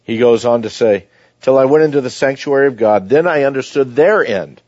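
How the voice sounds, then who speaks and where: A pastor with a medium-pitched, slightly mellow voice preaches a sermon at a brisk pace, reading scripture aloud and then explaining it in plain, conversational words. The recording sounds dull, dry and lo-fi.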